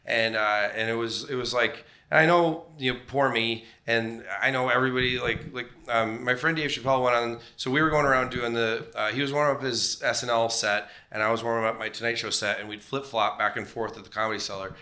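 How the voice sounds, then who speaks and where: A middle-aged man tells rambling, self-deprecating stories on a comedy club stage. His voice is bright and clear at a mid pitch, and he slips into animated voices whenever he quotes someone. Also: fairly quick, hardly any pauses. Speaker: comedian guest. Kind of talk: on-stage comedic storytelling interview.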